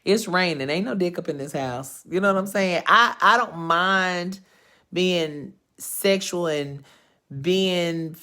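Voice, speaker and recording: A woman's voice: fairly low pitch, takes it slowly. A woman in her thirties hosting her own live vlog, telling personal stories to viewers in a frank, profane, rambling way. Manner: frank and profane, rambling with lively swings in emphasis. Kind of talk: casual storytelling to viewers.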